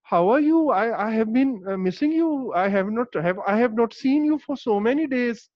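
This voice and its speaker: A woman's voice: on the high side, expressive, drawn-out words, dry recording, lo-fi sound, pitched above the performer's own voice. A man imitating a chatty middle-aged auntie abroad who stresses English words in a sing-song way. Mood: gushing.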